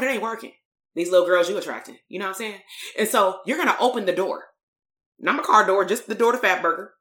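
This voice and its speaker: A woman from Compton tells a story as a therapist. Her delivery is animated and casual, full of slang and fillers, and her pitch swings up and down. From Compton, California. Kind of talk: storytelling talk.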